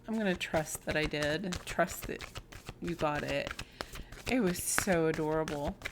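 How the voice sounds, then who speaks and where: A woman giving a spiritual tarot reading, telling a personal story in an earnest, heartfelt way and sometimes dropping to a soft whisper. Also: low-pitched, unhurried, background noise. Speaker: tarot reader.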